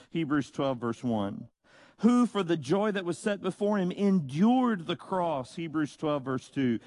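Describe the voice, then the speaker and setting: A man preaching a sermon, slow and emphatic, with dramatic pauses and rhetorical questions. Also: a little high, a little mellow, dry recording. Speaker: pastor.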